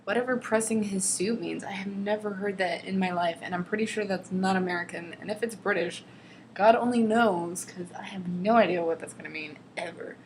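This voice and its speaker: A woman's voice: mid-range voice, brisk. A young woman talks casually to her camera, openly mocking a book and sighing over its writing. She swings into exaggerated dramatic readings of the passages. A faint background hiss sits under her voice. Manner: exasperated, mocking, reads excerpts with exaggerated drama. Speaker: vlogger reading a novel aloud. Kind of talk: casual sarcastic book commentary.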